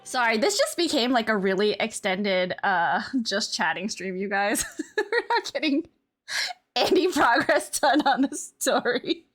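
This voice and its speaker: High-pitched young woman streaming, talks slow and giggles a lot, kinda scatterbrained. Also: big pitch swings, fairly bright tone, faint music behind. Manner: giggly, easily distracted, apologetic. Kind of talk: casual chat with viewers.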